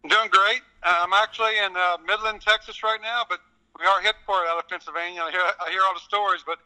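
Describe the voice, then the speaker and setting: A man from Louisiana with a South Louisiana accent answers as a guest on the radio, his voice pitched high and cutting bright. He speaks politely and unhurriedly, filling gaps with soft pauses. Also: smooth, rough recording. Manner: polite, relaxed, many filler pauses. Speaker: guest, contractor. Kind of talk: phone interview.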